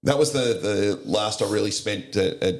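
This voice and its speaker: A man's voice: lowish voice, normal speed. A middle-aged Australian man, a service veteran, telling war stories in a casual interview, blunt and sweary, often breaking into laughs. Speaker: podcast guest, army, navy and police veteran.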